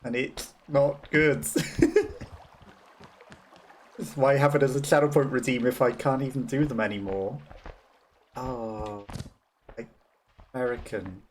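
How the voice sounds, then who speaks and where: A young man from the West Midlands, England, with a Black Country accent, streams a game, chatting and laughing often at himself in casual commentary. His mid-range voice is steady and measured, with long pauses and a little hiss or hum.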